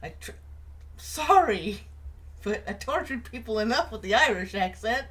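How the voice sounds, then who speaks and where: Chatty bright-voiced woman co-host. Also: a little high, lively intonation, normal speed, slight background noise. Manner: chatty, laughs often. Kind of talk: casual news and chat show.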